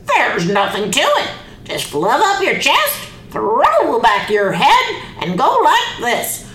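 A performer voicing Fred, a confident older rooster who talks in a gruff, booming and lively way. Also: slow, full character voice. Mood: hearty. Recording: echoey room.

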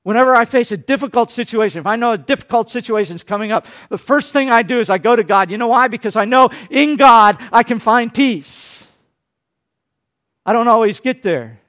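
With a very high voice and a slightly quick pace, the man preaches with sharp swings from booming intensity to hushed calm. He momentarily plays the characters whose words he cites.

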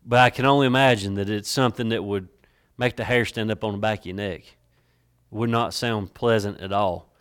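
A preacher in a church delivering a dramatic sermon, swinging between soft and loud, stretching words for emphasis and restarting phrases as he builds. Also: fairly low pitch, steady tone, smooth. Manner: dramatic, varying loudness, drawn-out emphasis; repeats words and restarts while building a point. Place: church sanctuary. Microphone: worn mic.

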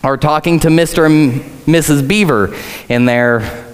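Earnest young-sounding preacher, reverberant hall. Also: male voice, a little high, a little slow, clear, resonant tone. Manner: earnest, with casual joking asides. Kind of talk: sermon.

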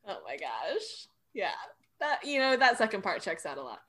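A woman chatting casually, an expressive listener who laughs and riffs playfully. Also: mid-range voice, normal speed. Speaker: camp counselor, co-host. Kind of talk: casual chat.

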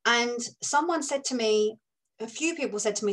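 A woman from London with a London accent, a guest on a podcast, talking about her coaching work in a chatty, relaxed way. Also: a little high, fairly quick. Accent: London English. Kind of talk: conversational interview.

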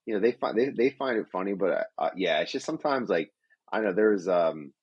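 Young guy hosting a chat pod, deep husky voice, rambly and sweary. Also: fairly quick, no echo, lo-fi sound. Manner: rambling, profane, animated. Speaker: podcast host. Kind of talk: casual podcast chat.

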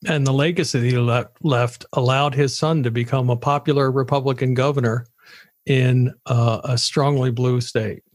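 A man co-hosting a podcast, giving calm, wry political commentary in casual chat. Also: medium pitch, normal speed, no echo, clean studio sound. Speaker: podcast co-host.

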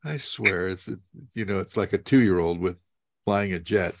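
A man's voice: sits low, normal speed, gravelly, no room sound. A man hosting a casual video-call question session as a spiritual teacher, rambling with fillers and laughing at himself.

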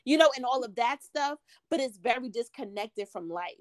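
A woman's voice: a little high, expressive, normal speed, no room sound. Earnest young woman, close and dry. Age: young adult. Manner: earnest, searching for words. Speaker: author guest. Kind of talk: casual podcast conversation.

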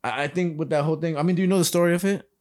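Racing along in a slightly high voice, the young co-host of a podcast rambles through crude, lively anecdotes. The recording is clean studio audio with no echo.

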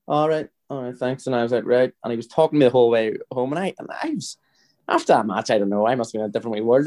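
Fast-talking Northern Irish man. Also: medium pitch, darkish tone. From Northern Ireland. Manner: chatty, rambling, frequent restarts and quoted dialogue. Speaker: podcast guest, footballer. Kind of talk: casual storytelling chat.

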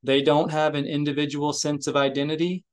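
A man reading aloud, voicing a poised, diplomatic woman, lifting his voice a little higher and gentler than his narration. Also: little pitch movement, fairly quick, clean tone, close to an everyday voice.

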